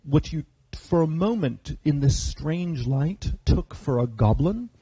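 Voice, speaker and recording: A man's voice: fairly high pitch, lively intonation, slow pace, mellow, husky, no echo, low-quality recording. A man narrating a tabletop game as game master, hesitant, with many filler sounds, on a convention stage.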